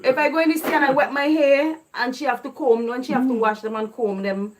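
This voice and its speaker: A woman's voice: sits high, a little fast, a little hiss or hum. A young woman with a Caribbean island creole accent, telling stories from her childhood in a casual, laughing way. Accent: Caribbean island creole English. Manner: laughs often while telling stories, lively and animated. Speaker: vlogger. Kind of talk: casual storytelling.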